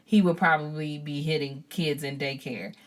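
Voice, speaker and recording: A woman's voice: low voice, normal speed, crowd noise. A woman hosting a podcast, chatting casually about her kids and acting out how she scolds them. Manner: animated storytelling, acts out her own scolding. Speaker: podcast host. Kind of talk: casual chat.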